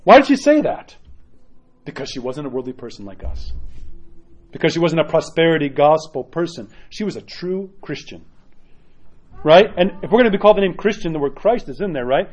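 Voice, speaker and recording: Earnest priest preaching, dull lo-fi sound. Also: male voice, fairly high pitch, fairly quick. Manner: earnest and animated, tags lines with "right?". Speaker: Orthodox priest. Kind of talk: sermon.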